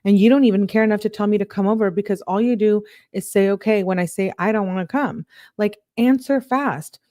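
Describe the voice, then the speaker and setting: A woman's voice: medium pitch, brisk, warm tone, dry recording, clean studio sound, pitched above the performer's own voice, natural voice. Woman reading as an irate teenage girlfriend. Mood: exasperated. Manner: heated, scolding read-aloud of text messages.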